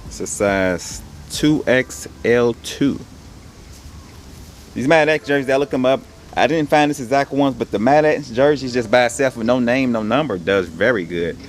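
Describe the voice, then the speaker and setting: A man's voice: medium pitch, normal speed, a little hiss or hum. A young man casually talking through his resale haul in a laid-back, rambling, slangy way. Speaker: online reseller showing his haul.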